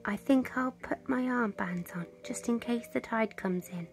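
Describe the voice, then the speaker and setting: Storybook bear cub, young and male, polite and earnest, gently spoken with a gravelly edge , as a woman puts him on. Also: fairly high pitch, unhurried, over music.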